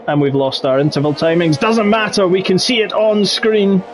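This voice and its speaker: Excitable male league race commentator, high voice, light background hiss. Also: normal speed. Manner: excitable, voice jumps high in close battles. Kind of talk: live sim racing commentary.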